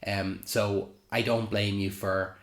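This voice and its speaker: A man co-hosting a film podcast, talking casually in a measured, reflective way. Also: on the low side, little pitch movement, fairly bright tone. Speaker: podcast co-host. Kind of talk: casual film review chat. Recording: roomy echo.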